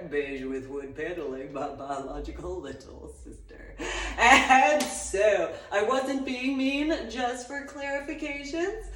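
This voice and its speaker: A woman's voice: on the low side, a bit bright. A middle-aged woman hosting her own channel in a rambling personal monologue, sardonic and breaking into frequent laughter. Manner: sardonic, laughs often between remarks. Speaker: YouTube channel host. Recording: roomy echo, distant mic.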